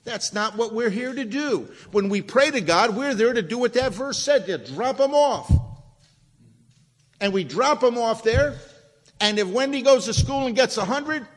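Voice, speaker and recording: A man with a high voice delivers a sermon from the pulpit, talking to the congregation and putting questions to them. His voice carries a long reverb from the church hall around him. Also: animated, a little slow. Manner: conversational preaching, asks the congregation questions. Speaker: pastor. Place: church sanctuary, also streamed online.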